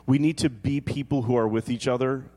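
A man in his thirties preaching a sermon, animated and joking, dropping to quiet emphasis and rising to loud exclaims. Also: medium pitch, a little fast. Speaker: pastor. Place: church hall. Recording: long hall reverb.

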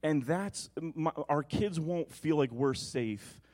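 A man in his thirties preaching a sermon, moving between quiet reflection and animated personal storytelling. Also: fairly high pitch, takes it slowly. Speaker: pastor.

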